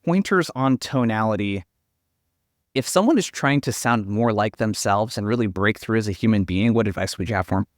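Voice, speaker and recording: A man hosting a sales podcast who briskly steers questions to his guests. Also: on the low side, no echo, clean studio sound. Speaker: podcast host.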